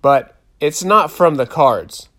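A man's voice: a little high, lively intonation, takes it slowly, a bit bright. A man voicing Charlotte, a curious, probing middle-school girl.

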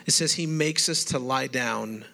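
A man's voice: mid-range voice, measured pace, vocal fry, pushed and bright. A male pastor giving a sermon who speaks emphatically and builds his points one after another.

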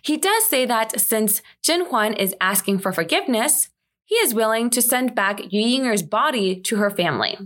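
A woman's voice: fairly high pitch, lively intonation, moderate pace, a bit bright. A woman casually recapping a period drama, chatty with wry, sarcastic asides.

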